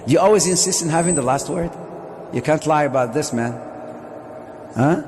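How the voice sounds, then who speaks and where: Male sheikh, fairly high voice, joking with his listeners and questioning them, lecture in an Islamic centre hall with long reverb. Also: moderate pace, darkish tone, a little hiss or hum. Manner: jokey, asks the audience questions. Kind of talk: lively mosque lecture.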